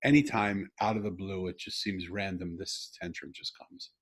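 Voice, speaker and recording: A middle-aged man hosting a podcast over a video call, telling an intimate story earnestly with halting restarts and bursts of emphasis. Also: sits low, steady tone, husky. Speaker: podcast host. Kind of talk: conversational storytelling.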